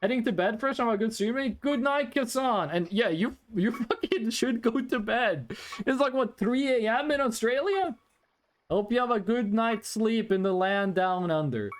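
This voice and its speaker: Male streamer, high animated voice, rambling chat banter, faint background hiss. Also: moderate pace. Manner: rambling, reads chat aloud, frequent ums. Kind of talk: casual live-stream chat.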